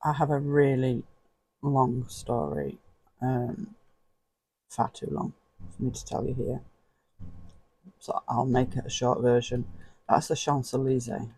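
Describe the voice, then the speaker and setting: A man's voice: medium pitch, measured pace, long pauses, a little mellow, husky, no room sound, low-quality recording. A man, chatting casually to the viewer as he flips through an old magazine and chuckles often. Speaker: vlogger. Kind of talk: casual flip-through commentary.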